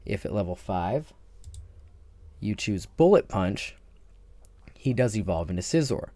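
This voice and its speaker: A man hosting a gaming channel, talking casually and excitedly about a video game, thinking aloud as he goes. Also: fairly low pitch, no echo. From Ireland. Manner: enthusiastic, rambling, thinks aloud.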